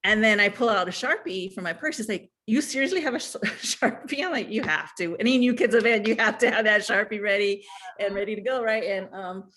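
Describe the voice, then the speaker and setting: A woman telling a personal story in casual chat, animated, acting out what others said, with many fillers. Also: medium pitch, brisk. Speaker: guest.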